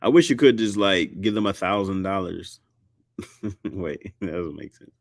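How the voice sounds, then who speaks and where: A man from the United States chatting casually and jokingly with his audience, often jumping into a high squeaky pitch for emphasis. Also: measured pace, vocal fry, no echo, studio quality. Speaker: streamer host. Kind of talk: casual chat.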